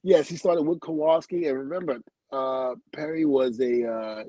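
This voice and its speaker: On a dry, muffled recording, a middle-aged man with a voice on the high side speaks at a moderate pace. He's a guest on a livestream, telling lively career stories, acting out others' words, often laughing and using profanity.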